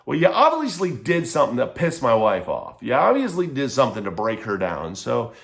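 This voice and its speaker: A man recounts a personal story in a loose, casual vlog delivery at an ordinary mid-range pitch. He talks heatedly, with plenty of swearing, and keeps it animated. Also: fairly quick, gravelly. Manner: heated, profane, animated retelling. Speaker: vlogger telling a personal story.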